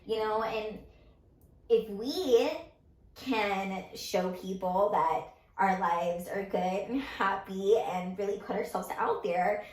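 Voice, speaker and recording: A woman's voice: medium pitch, slow, echoey room, poor audio. A woman in her twenties co-hosting a casual chat, sharing a personal story with many fillers and growing emotion. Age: 20s. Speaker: co-host. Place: indoors, getting ready with makeup.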